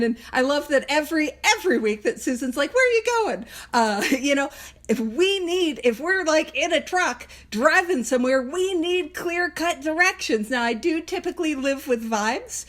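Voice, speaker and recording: A woman hosting a book study, reading passages aloud and explaining them in a chatty way, with laughing asides and frequent restarts. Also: sits high. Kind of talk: casual teaching, reading and explaining text. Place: in a vehicle on a video call.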